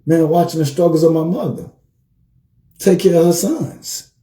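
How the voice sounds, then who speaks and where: Dark-voiced man coaching in an echoey room. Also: fairly high pitch, moderate pace. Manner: animated storytelling, repeats his phrases for emphasis. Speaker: life coach. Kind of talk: motivational livestream talk.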